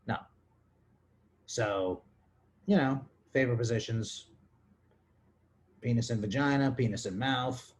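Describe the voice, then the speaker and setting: A man with a fairly low voice, speaking a little slowly with long pauses, hosts his own podcast. He's a Texan, drunk, and rambles crudely through listener questions in a casual comedic monologue.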